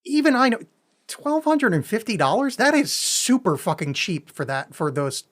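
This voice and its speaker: A man co-hosting a podcast in casual chat, excitable, swearing freely and laughing often. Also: sits high, normal speed. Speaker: podcast co-host.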